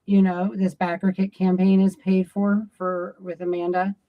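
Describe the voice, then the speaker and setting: A woman's voice: on the low side, little pitch movement, normal speed, highs cut off. A woman being interviewed as a game designer, talking casually with many fillers and restarts.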